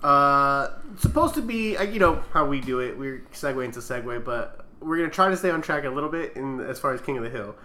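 A man's voice: medium pitch, animated, brisk, few pauses, sharp tone. A man hosting a casual podcast over beers, swearing freely, laughing often and searching for words. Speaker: podcast host.

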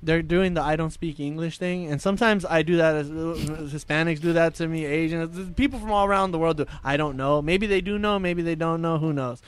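A man's voice: fairly high pitch, a little fast, few pauses, clear, resonant tone. A young man co-hosting a casual comedy chat, laughing often and acting out stories. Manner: laughs often, acts out customers. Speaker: podcast co-host, car salesman.

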